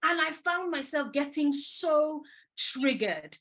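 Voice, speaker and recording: A woman educator candidly recounting a classroom experience in reflective storytelling, animated and openly self-critical. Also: high voice, takes it slowly, slight background noise. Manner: candid, animated, imitates a child's whining.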